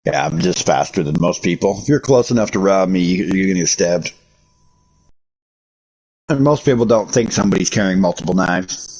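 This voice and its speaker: American guy streaming, slightly raspy voice, loose and profane, riffing with chat. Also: deep voice, lively intonation, moderate pace, long pauses, a little mellow. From United States. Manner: profane joking banter with chat. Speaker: game streamer. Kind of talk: casual livestream chat.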